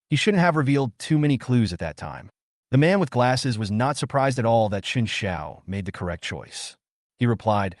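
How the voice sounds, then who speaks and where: A man's voice: fairly low pitch, very animated, moderate pace, no echo, studio quality. Man narrating a comic story. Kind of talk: scripted narration of a comic recap.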